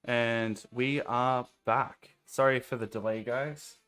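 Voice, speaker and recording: An Australian man running a live-streamed tabletop game as game master. He speaks slowly and unhurriedly in a mid-pitched voice, rambling through the scene and breaking into laughter often. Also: steady tone, fairly bright tone, smooth, soft background music.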